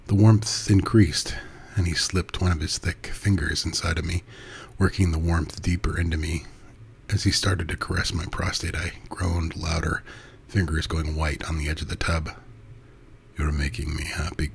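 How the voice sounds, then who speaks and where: A man narrating an intimate first-person erotic story in a soft, breathy voice that often drops to a half-whisper. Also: deep voice, a little hiss or hum.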